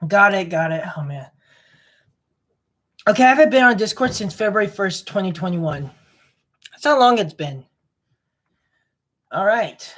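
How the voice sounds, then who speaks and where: A young man with a high, fairly bright voice talks to himself while clicking around his computer for a vlog. His intonation is lively and his pace unhurried, broken by long pauses. He mumbles, rambles and grumbles about whatever he finds in this loose screen-recording commentary.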